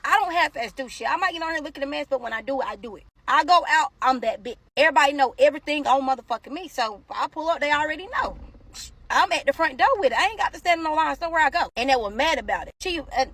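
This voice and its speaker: A woman telling a long personal story in a casual, profane storytime vlog, swinging between low mumbles and loud outbursts. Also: lively intonation, quick pace, dry recording.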